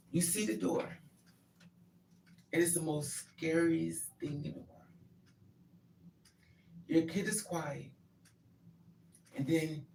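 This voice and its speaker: Woman going off emotionally, gravelly voice, sounds a bit far from the mic with faint room noise. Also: low-pitched, a little mellow. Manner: impassioned, repetitive, acts out pleading quotes. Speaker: grieving mother. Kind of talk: emotional spoken monologue.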